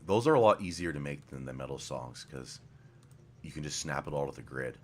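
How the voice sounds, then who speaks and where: Very deep-voiced man streaming a game. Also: animated, brisk, slight background noise. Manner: rambling, casual, swears often, mumbles asides. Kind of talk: casual live-stream commentary.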